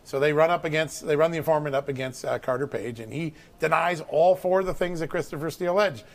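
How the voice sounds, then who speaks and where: Fast-talking male news guest. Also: fairly high pitch. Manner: rapid, explanatory, quotes documents. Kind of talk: brisk news interview explanation.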